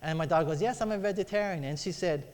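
High-voiced male preacher in a reverberant hall. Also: fast, a little mellow. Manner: storytelling, acts out quoted voices, calls for amens. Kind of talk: sermon with personal story.

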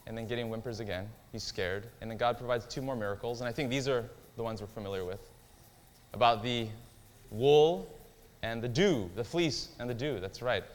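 A man's voice: mid-range voice, normal speed. A man teaching a Bible lesson in a casual, conversational way, often quizzing his listeners with questions. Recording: long hall reverb.

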